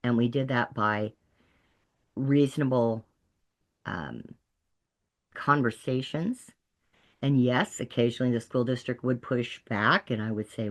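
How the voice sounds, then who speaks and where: Lively storytelling woman peer counselor. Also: extremely low pitch, a little slow, pauses often. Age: middle-aged. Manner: lively storyteller who acts out quoted voices. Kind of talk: storytelling talk to a peer audience.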